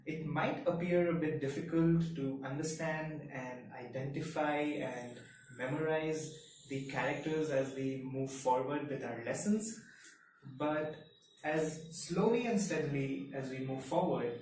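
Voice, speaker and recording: A man whose first language is Hindi, teaching a Mandarin lesson in a measured, step-by-step way. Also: fairly high pitch, darkish tone. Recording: very echoey room, mic far off, faint hiss.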